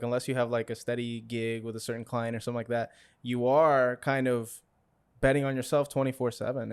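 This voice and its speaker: A man's voice: mid-range voice, clean tone. A man hosting a podcast, talking in a loose, rambling way with lots of fillers and frequent laughs. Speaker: podcast host. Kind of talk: casual interview chat.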